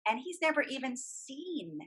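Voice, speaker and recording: Bright-voiced middle-aged woman, animated talker. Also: high voice, moderate pace, breathy edge, rough recording. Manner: animated, emphatic, talks at length. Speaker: guest voice actress and voice coach. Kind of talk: casual podcast chat.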